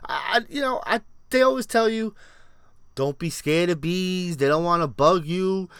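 A man from Puerto Rico co-hosts a casual podcast, telling stories in an animated, profane, joking way. His voice sits a little high and bounces widely in pitch. The sound is dry and close, with no room in it. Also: normal speed, smooth, no echo. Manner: animated storytelling, loose and profane. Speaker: podcast co-host. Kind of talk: casual chat.

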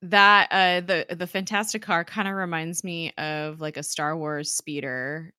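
A woman hosting a casual recap chat, talking fast, laughing often and quoting lines as she goes. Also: fairly low pitch, fairly even intonation, sharp tone, smooth, no echo, clean studio sound. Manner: chatty, laughs often, acts out lines in quick quotes. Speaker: podcast host recapping an episode.

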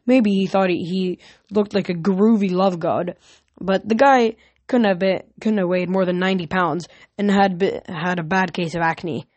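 A woman's voice: lowish voice, steady tone, normal speed, a little mellow, dry recording. A woman reading a novel aloud in a casual way, often correcting herself. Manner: casual, frequent self-corrections. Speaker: reader.

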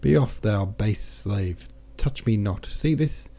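A man voicing a drunk, hoarse old male clerk who blusters and shouts wildly. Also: lowish voice, animated, takes it slowly, full character voice. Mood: belligerent.

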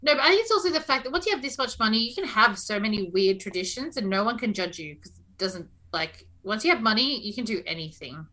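A woman's voice: on the high side, very animated, quick pace, hardly any pauses, bright, forceful tone, low-quality recording. A woman co-hosting a casual podcast, chatty, trailing off and swearing casually. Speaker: podcast co-host. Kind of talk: casual chat.

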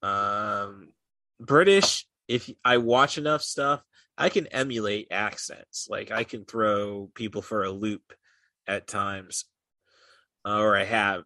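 A fairly low-pitched young man, chatting casually as a podcast co-host. His voice is bright and forceful, and he rambles along with plenty of "like" and "uh." The sound is dry and close, with no room around it. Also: slow pace, no echo. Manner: rambling, heavy on "like" and "uh" fillers. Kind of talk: casual chat.

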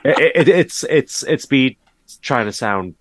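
A man's voice: medium pitch, lively intonation, slow pace, no echo. A man co-hosting a podcast in casual gaming chat, wry and skeptical, with many fillers. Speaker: podcast co-host.

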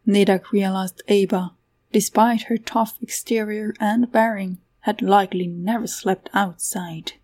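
A woman's voice: medium pitch, steady tone, a little slow, a little mellow. A woman narrating a fantasy story aloud, giving the characters voices of their own. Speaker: audiobook narrator.

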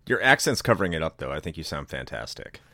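A man's voice: extremely low pitch, sing-song, fast, creaky, pushed and bright, no echo, clean studio sound. A man, a podcast guest in casual chat, laid-back and using casual slang. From United States.

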